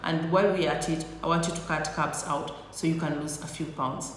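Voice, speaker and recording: A woman's voice: low-pitched, steady tone, brisk, a little hiss or hum, natural voice. A woman voicing a blunt, matter-of-fact German boyfriend, recorded in an echoey room with long reverb.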